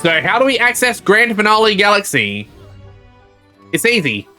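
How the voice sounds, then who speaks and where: A male game streamer talking through his play in a loose, rambling way, often reading the characters' lines aloud. His voice is bright and a touch high, with faint game music behind him. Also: very animated, moderate pace. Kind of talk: casual gameplay commentary.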